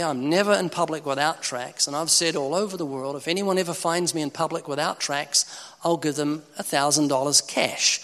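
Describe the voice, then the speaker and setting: A man from New Zealand preaching a sermon, telling stories and acting out both sides of conversations. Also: on the high side. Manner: animated storytelling, voices both sides of dialogue. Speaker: evangelist preacher. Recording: long hall reverb.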